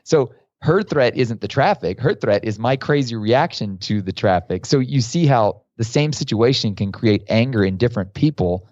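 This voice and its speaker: A man, a guest author and coach, telling stories in a casual, lively way during a podcast interview. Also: medium pitch, normal speed, hardly any pauses, no room sound, dull audio.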